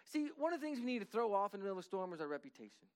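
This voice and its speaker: A man's voice: sits high, very animated, racing, smooth. A man preaching a sermon in a church, earnest and conversational, building in intensity. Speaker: pastor. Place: church sanctuary.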